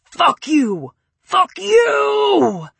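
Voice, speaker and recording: A woman's voice: on the low side, unhurried, husky, no echo. A woman voicing a raging, broken young man. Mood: anguished rage. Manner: yelling, anguished, swearing. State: raspy from yelling.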